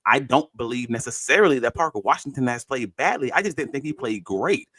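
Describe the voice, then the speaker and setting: A man's voice: medium pitch, lively intonation, brisk, sharp tone, no room sound. A man co-hosting a sports podcast in casual talk, blunt and emphatic, speaking his mind plainly. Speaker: podcast co-host.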